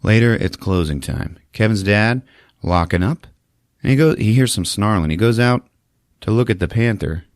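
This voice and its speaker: Animated man recapping a movie. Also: fairly low pitch, moderate pace, no room sound, studio quality. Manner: animated, laughing a lot. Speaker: podcast host.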